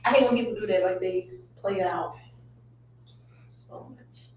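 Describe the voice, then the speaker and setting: A woman's voice: medium pitch, unhurried, a little mellow, echoey room, a little hiss or hum. A woman in her twenties co-hosting a podcast, telling stories animatedly and laughing often. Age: 20s. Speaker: podcast co-host. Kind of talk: casual chat.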